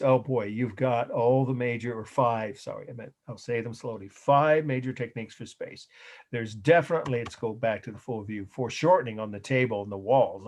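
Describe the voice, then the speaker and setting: A man's voice: medium pitch, slightly rough. A middle-aged man teaching art history in a recorded lecture, rambling, correcting himself and chuckling as he goes.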